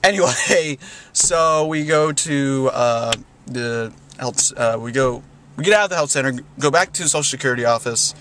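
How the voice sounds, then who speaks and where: A man's voice: medium pitch, normal speed, fairly bright tone, a little hiss or hum. A young man telling a rambling story in a casual vlog, full of "like" and "you know", often laughing. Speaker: vlogger.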